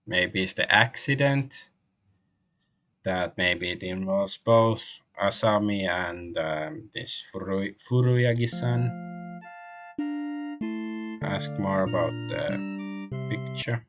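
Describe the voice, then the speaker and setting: A man streaming a game, translating the on-screen text aloud as he goes, with frequent pauses and restarts. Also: low-pitched, a bit bright, faint music behind. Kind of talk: live game stream commentary.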